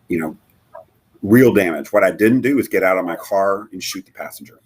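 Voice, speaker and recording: Low, husky-voiced middle-aged man, halting. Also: a little mellow. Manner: halting and earnest, with many fillers and restarts. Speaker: guest, bereaved father. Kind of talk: telling a personal story in a live interview.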